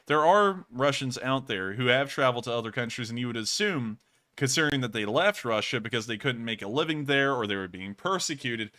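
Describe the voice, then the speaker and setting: A man's voice: medium pitch, sharp tone. A man hosting a live news stream, talking earnestly in long, rambling explanations. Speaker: livestream news host.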